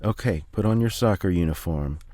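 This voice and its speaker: A man voicing a weary, gentle mother who quietly gives in. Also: deep voice, brisk, dry recording, natural voice. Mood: resigned. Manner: resigned, soft.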